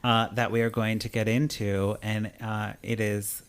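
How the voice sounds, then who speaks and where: A man hosting a casual podcast chat, talking in a gossipy, animated and sarcastic way. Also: lowish voice, unhurried, clean tone. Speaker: podcast host.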